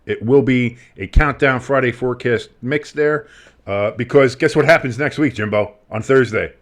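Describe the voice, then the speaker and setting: A man co-hosting a casual sports podcast, rambling and excitable, swearing freely. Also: medium pitch, normal speed. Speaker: podcast co-host.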